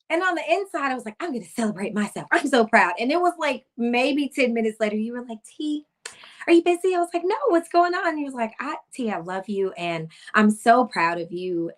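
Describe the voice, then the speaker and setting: A woman health coach telling a personal story casually and acting out the dialogue. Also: a little high. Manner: animated, acts out quoted dialogue.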